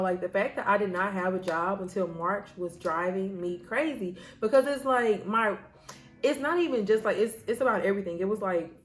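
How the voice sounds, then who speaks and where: A woman's voice: mid-range voice, a bit bright. Candid rambling woman about 30 doing makeup and talking to viewers, faint music under it. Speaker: vlogger and law student. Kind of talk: casual chat while doing makeup. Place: home, near her bed.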